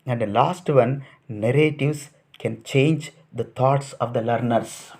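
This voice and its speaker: A man's voice: mid-range voice, takes it slowly, darkish tone. A man with an Indian English accent giving a lecture to trainee teachers, explaining point by point with rhetorical questions and much repetition. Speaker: teacher educator.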